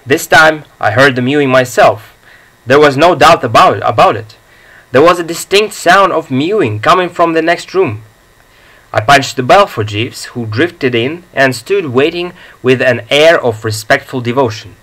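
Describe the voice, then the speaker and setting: Bright-voiced male audiobook narrator. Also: mid-range voice, lively intonation, normal speed, rough recording. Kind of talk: audiobook reading of a comic story.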